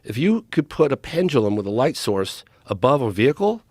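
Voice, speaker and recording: A man telling a story on a podcast in an excited, animated way, with quoted lines in his telling. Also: medium pitch, fairly quick, slightly rough, dry recording, studio quality. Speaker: podcast guest. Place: podcast studio. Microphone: studio mic, close.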